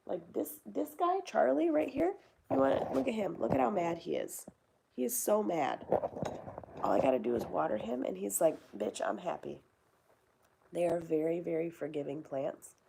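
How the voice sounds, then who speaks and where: A woman's voice: fairly low pitch, lively intonation, moderate pace, gravelly, background noise. A young woman hosting a casual chat, rambling and swearing now and then. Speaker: host.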